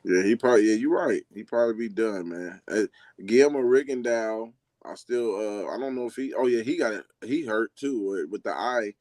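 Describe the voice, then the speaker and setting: A man's voice: lowish voice, moderate pace, a little mellow, no room sound. A man calling in by phone to a boxing chat, laid-back and joking in casual talk. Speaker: guest caller.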